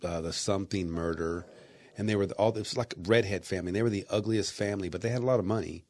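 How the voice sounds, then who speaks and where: A man's voice: low-pitched, quick pace, a little mellow. A man co-hosting a podcast in casual, profane banter, sounding tired and rambling. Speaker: podcast co-host.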